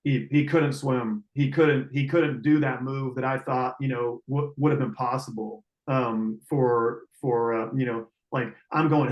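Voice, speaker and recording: A man telling a river rescue story in casual, halting speech full of fillers and restarts, heard over a video call. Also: medium pitch, fairly even intonation, echoey room, highs cut off.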